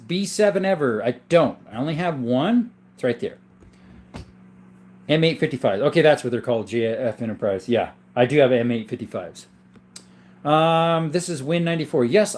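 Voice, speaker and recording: A man hosting a casual livestream from his home, reading viewer questions aloud and answering them one by one in a relaxed way. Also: fairly high pitch. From southern Arizona. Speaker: gun channel host reading live chat. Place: indoor room full of guns.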